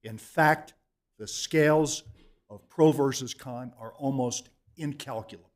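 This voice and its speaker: A man's voice: medium pitch, measured pace. A man from Kentucky giving an emphatic, oratorical public comment at a council meeting, repeating points for effect. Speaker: resident speaking at public comment.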